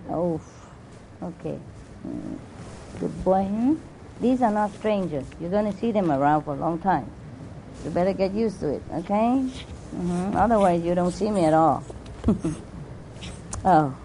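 A woman speaks in an unhurried, drawn-out way with a slightly low pitch. She jokes warmly with the people in front of her and coos over her pets, and her English has loose non-native grammar. Clear background noise from the live room runs under her voice. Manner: playful and teasing, coos affectionately to pets. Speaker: leader of a spiritual center gathering. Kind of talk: casual talk to a live audience. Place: indoor room with an audience. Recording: noisy live room recording.

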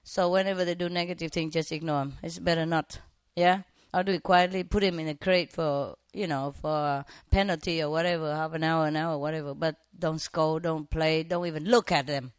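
A woman's voice: deep voice, fairly even intonation, brisk, hardly any pauses, smooth, dry recording, clean studio sound. A woman chatting casually about her pet birds and dog, laughing often and acting out her pets. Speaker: bird owner. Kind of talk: casual storytelling.

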